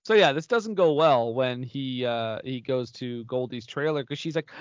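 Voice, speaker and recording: A man's voice: mid-range voice, moderate pace, no echo, highs cut off. A man co-hosting a casual movie-review podcast, retelling scenes with laughs and repeats. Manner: laughing, animated retelling with repetitions. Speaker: podcast co-host.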